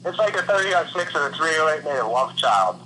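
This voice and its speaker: A man's voice: fairly high pitch, animated, fairly quick, over a noisy crowd, rough recording. A man in casual call-in chat, laid-back, often trailing off with "you know".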